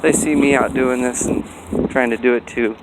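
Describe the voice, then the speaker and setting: A man's voice: mid-range voice, steady tone, normal speed, heavy background noise. A man vlogging outdoors by a busy road, in a rambling, folksy way with lots of fillers. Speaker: dog breeder vlogger. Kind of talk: casual walking vlog.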